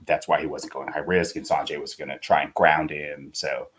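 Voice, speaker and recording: A man's voice: rumbling low, flat delivery, moderate pace, over a noisy crowd. A man co-hosting a casual chat, laid-back and explaining things at length. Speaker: podcast co-host.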